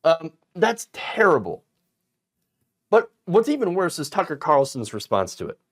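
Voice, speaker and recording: A man delivering political commentary with an indignant, emphatic edge. His pitch swings widely as he stresses words, and he stumbles through fillers and restarts as he talks. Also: sing-song, unhurried.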